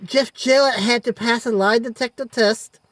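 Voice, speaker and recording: Casual high-voiced woman on wrestling chat. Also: fairly even intonation, moderate pace, dry recording. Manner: acts out wrestler promos in quoted voices. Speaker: podcast co-host.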